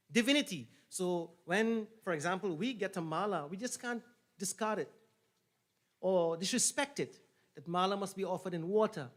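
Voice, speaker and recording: Pundit, male, high-pitched, repetitive, emphatic sermon delivery, soft music bed. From Trinidad and Tobago. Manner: storytelling, repeats phrases for emphasis, swells louder and slows on key points. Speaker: pundit officiating a yagna.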